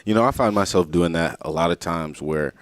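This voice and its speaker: An easygoing man co-hosting a morning talk show, talking in a very deep voice with loose, rambling sentences. He sounds close to the mic, dry and intimate. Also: a little fast, dry recording. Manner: easygoing, rambling, laughs often. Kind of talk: casual chat.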